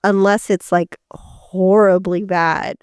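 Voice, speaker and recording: A middle-aged woman co-hosts a relaxed podcast conversation, talking emphatically and circling back on herself with restarts. Her voice sits at an ordinary pitch for a woman. The sound is close and dry, with no room echo. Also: slow, clear, resonant tone. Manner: emphatic, many restarts and fillers. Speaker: podcast co-host. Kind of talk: casual chat.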